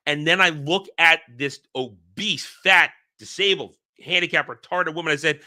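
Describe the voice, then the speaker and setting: This channel host speaks on the high side at a moderate pace, barely pausing, his tone bright and forceful. He recounts a lengthy dream alone and casually, in a heated, rambling way full of restarts.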